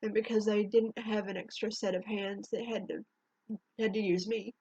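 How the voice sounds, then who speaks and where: Husky shaken woman, halting testimony. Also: medium pitch, level tone, mellow, no room sound, lo-fi sound. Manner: halting, emotional, with restarts and long pauses. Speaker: grieving mother telling her story. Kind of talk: personal spoken testimony.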